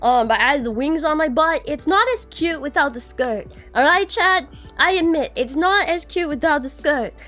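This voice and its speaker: A woman's voice: high voice, moderate pace, fairly bright tone, faint music behind. A young adult woman streaming, chatting casually and greeting her viewers by name, bubbly and swearing now and then.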